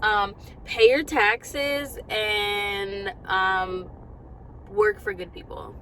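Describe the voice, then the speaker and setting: A young woman vlogger in a parked car, ranting to her viewers in a casual, exasperated way. She talks rapidly and with lots of animation. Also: mid-range voice, fairly even intonation, low-quality recording. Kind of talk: casual rant to camera.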